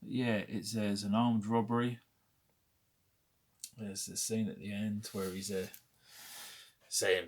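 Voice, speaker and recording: A British man in his forties shows off his film memorabilia in a casual chat, rambling, correcting himself, and keeping a wry tone. His lowish voice is flat and slow, with long pauses.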